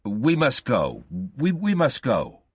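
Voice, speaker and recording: A man's voice: mid-range voice, wildly swooping pitch, takes it slowly, husky, no echo, clean studio sound, voice pushed up, heavily acted. A man reading a story aloud, voicing a tense, guilt-ridden young architect who answers curtly.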